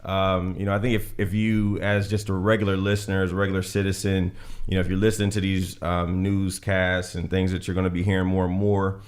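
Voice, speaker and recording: A man's voice: low-pitched, level tone, brisk. A man in his forties on a podcast, speaking earnestly and with conviction, addressing listeners directly. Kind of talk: podcast discussion.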